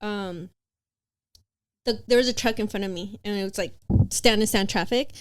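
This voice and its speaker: A woman's voice: medium pitch, normal speed, clean tone. A woman guest on a podcast, telling a story hesitantly with fillers and restarts. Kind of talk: casual chat.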